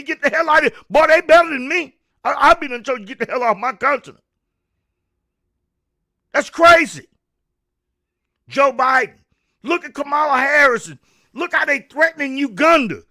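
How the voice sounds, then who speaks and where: A fiery man delivers an opinion rant. His voice sits very high and sounds bright and sharp. He stammers, repeats himself and preaches at the listener. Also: moderate pace. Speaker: host of a commentary show.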